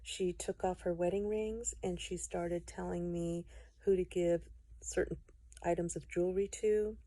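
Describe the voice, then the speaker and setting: A middle-aged woman telling a personal testimony to camera in an earnest, gentle way with soft pauses. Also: lowish voice, steady tone, no echo. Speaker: testimony speaker.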